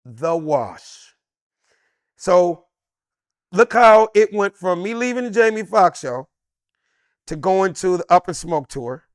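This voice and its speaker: A man in his fifties from Los Angeles spins stories as a comedian guest, slangy and emphatic, slipping into the voices of the people he quotes. His voice sits a bit high for a man. The sound is dry and close, with no room around it. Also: lively intonation, takes it slowly, long pauses, clear, resonant tone, dry recording. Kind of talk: animated storytelling in a sit-down interview.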